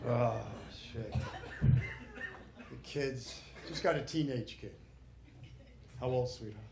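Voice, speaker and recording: A man performing a stand-up comedy set, brash and punchy, with crude jokes and quick character voices. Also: mid-range voice, gravelly. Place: comedy club stage before a laughing audience. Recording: roomy live club recording with audience noise.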